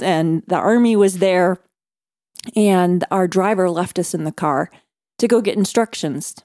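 A woman guest on a faith podcast, earnestly telling a personal story with measured pauses. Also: on the low side, dark tone, dry recording, studio quality. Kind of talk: storytelling interview.

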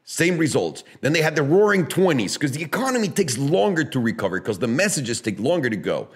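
A man talking in a loose, casual style, emphatic and profane. He makes his points with sarcastic rhetorical questions. His pitch swings widely from phrase to phrase. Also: big pitch swings, brisk. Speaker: podcast host. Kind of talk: casual opinionated chat.

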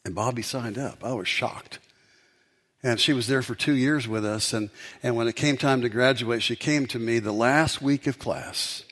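A man's voice: mid-range voice, moderate pace, fairly bright tone. A man, a pastor, preaching a sermon and telling a story, building up to emphatic peaks.

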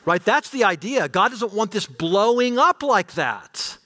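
Animated, high-pitched man preaching. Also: measured pace, few pauses. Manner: animated preaching with rising intensity and rhetorical questions. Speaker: pastor. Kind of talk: sermon.

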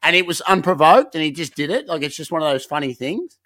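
A man's voice: a little high, animated, quick pace, sharp tone. An Australian man co-hosting a podcast, telling sweary, laid-back stories in casual banter. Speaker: podcast co-host.

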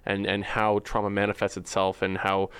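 A man's voice: on the low side, monotone, normal speed, fairly bright tone, clean tone, no room sound. A man co-hosting a podcast, talking candidly about his feelings with many fillers and restarts. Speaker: podcast co-host. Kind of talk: candid personal conversation.

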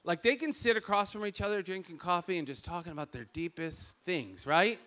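Animated high-voiced man preaching. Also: brisk. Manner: animated, self-deprecating humor, many "like" fillers. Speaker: speaker sharing testimony. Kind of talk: casual preaching testimony.

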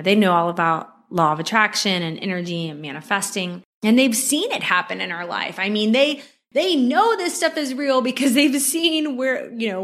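A woman in her forties, a coach chatting casually with viewers about her own life, heartfelt and quick to laugh, her voice leaping up when she gets excited. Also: mid-range voice. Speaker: manifestation and tapping coach. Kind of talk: casual personal storytelling to viewers.

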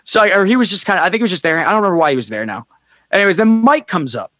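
A man with a high, light voice tells a rambling story in casual podcast chat. He swears freely and keeps jumping into other people's voices to act out what they said. The sound is dry and close, with no room around it. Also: very fast, no echo. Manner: animated, acts out quoted people in raised voices, swears freely. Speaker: podcast guest.

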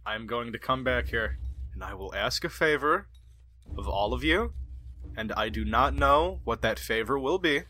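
A man voicing a brooding male adventurer who speaks slowly and solemnly, in a low, quiet voice. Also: lively intonation, a little hiss or hum. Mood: ominous.

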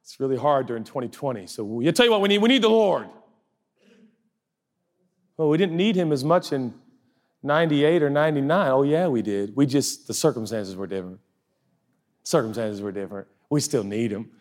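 A male pastor giving a sermon, animated and joking, with rhetorical questions. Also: medium pitch, fairly quick, long pauses.

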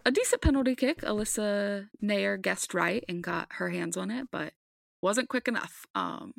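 A woman's voice: medium pitch, moderate pace, gravelly, dry recording, clean studio sound. A woman co-hosting a podcast, chatting casually about a game with frequent ums and restarts. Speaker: podcast co-host. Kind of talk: casual sports chat.

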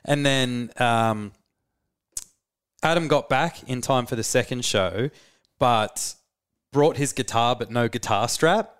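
A man, co-hosting a podcast and telling a tour story in a relaxed way, full of fillers. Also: medium pitch, slow pace, long pauses, clean tone. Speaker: podcast co-host, band musician. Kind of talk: casual storytelling chat.

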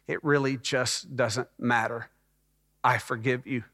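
A man preaching a personal testimony as a sermon, telling his story with hushed moments that build to loud, emphatic passages. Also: medium pitch, fairly even intonation, slow pace. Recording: long hall reverb.

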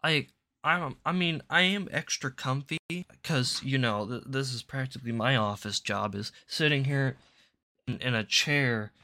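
A man's voice: mid-range voice, normal speed, pushed and bright. A man doing casual reaction commentary at his home desk into a microphone, sarcastic and rambling, swearing now and then. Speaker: political commentator.

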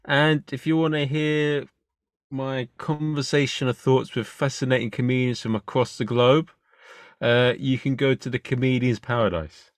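A man's voice: mid-range voice, flat delivery, moderate pace, dry recording. A man who is a comedian, a guest on a podcast, speaking hesitantly and searching for words as he thinks aloud. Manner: hesitant, many fillers and restarts while thinking. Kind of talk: casual interview chat.

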